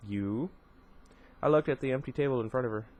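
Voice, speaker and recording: A man reading a first-person novel aloud, steady but with occasional stumbles and asides. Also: mid-range voice, racing, narrow, tinny audio. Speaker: amateur audiobook reader.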